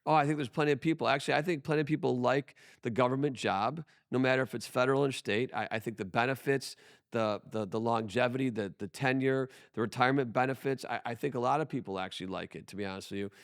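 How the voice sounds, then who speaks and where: A man with a medium-pitched voice talks fast as a podcast guest, the owner of a tax firm discussing his business. The conversational interview finds him emphatic and full of restarts.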